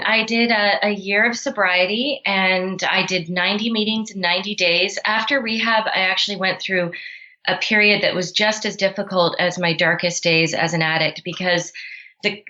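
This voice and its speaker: Bright-voiced woman telling her story. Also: mid-range voice, normal speed, dull audio. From Canada. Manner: earnest, many "you know" and "right?" asides. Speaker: podcast guest. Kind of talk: candid storytelling interview.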